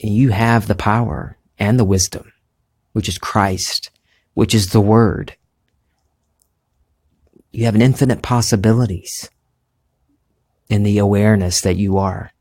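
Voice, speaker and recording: A man's voice: lowish voice, steady tone, measured pace, long pauses, darkish tone. A man with a slight Southern American accent, hosting a spiritual podcast in an earnest, musing monologue that thinks aloud. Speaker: podcast host.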